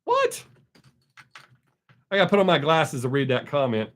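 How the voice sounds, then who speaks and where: A man's voice: mid-range voice, lively intonation, fast, fairly bright tone. A man hosting a casual live stream, answering viewer comments in a blunt, opinionated way.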